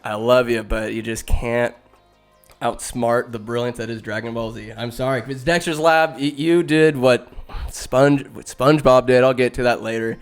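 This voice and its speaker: A man hosts a podcast in loose, rambling commentary. He gets excitable, swears freely and breaks into laughter. Faint music plays underneath. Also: medium pitch, moderate pace. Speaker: podcast host.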